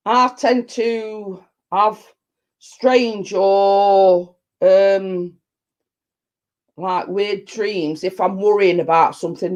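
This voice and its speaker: Slow rambling woman. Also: medium pitch, a little mellow. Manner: rambling, repeats herself, laughs often. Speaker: vlogger reading viewer comments. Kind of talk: casual live chat.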